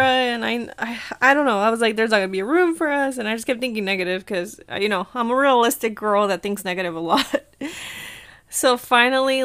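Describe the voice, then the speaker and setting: A young woman from Mexico tells a travel story to the camera, chatty and animated, often acting out what she and others said. Her voice sits at a medium pitch. The sound is close and dry, with no room echo. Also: smooth. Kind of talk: casual storytelling.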